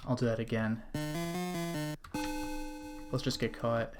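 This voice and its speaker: A man's voice: medium pitch, completely flat delivery, slow pace, loud music behind the voice. Chatty wry man streaming a game. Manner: chatty, wry, reads game text aloud. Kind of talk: casual gameplay commentary.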